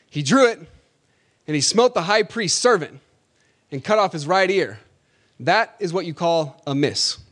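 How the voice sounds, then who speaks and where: Male preacher, slightly raised pitch; emphatic, slows on key lines, calls out to the congregation. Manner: swings between loud emphatic declaring and quieter storytelling. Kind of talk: sermon.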